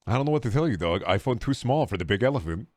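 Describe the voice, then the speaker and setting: A man's voice: mid-range voice, animated, quick pace, a little mellow, dry recording, clean studio sound. A man streaming a game, rambling crudely and joking with friends. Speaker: streamer host. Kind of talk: casual stream chat while gaming.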